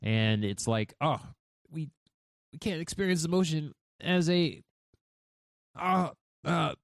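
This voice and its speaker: A man's voice: on the high side, lively intonation, slow, gravelly, no echo, clean studio sound. A man from the United States hosting a podcast, talking candidly and thoughtfully with frequent restarts. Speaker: podcast host. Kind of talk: reflective solo podcast talk.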